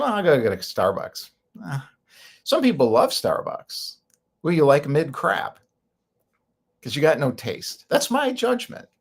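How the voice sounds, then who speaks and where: A man's voice: medium pitch, vocal fry, slightly rough. A man hosting a show, talking in a rambling, opinionated way and laughing often. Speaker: host. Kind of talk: casual monologue.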